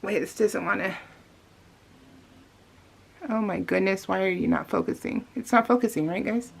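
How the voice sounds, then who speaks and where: A woman's voice: mid-range voice, normal speed, vocal fry. A grown woman chatting casually to viewers while she works on a scrapbooking project, rambling along and calling them you guys. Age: adult. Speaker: scrapbooking vlogger. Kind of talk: casual chat voiced over crafting.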